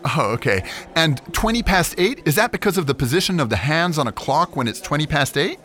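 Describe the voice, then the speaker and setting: A man's voice: a little high, sing-song, a little fast, a bit bright, faint music behind. A man asking curious questions, acting as the interviewer in a comedy sketch.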